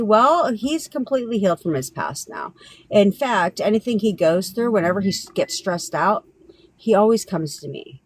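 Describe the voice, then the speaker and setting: A woman's voice: medium pitch, animated, normal speed. A woman from Southern California, a manifestation coach, ranting bluntly and profanely on a live stream, laughing often.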